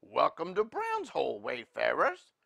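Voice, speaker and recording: A man's voice: a little high, wildly swooping pitch, unhurried, creaky, a bit bright, pitched above the performer's own voice, heavily acted. A man voicing a jovial Scottish storekeeper with a thick Scots brogue, greeting guests heartily. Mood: welcoming.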